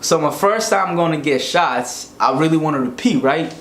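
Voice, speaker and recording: Animated, slangy man telling stories. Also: on the high side, normal speed. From Africa. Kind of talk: casual comedic storytelling. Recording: echoey room, faint noise.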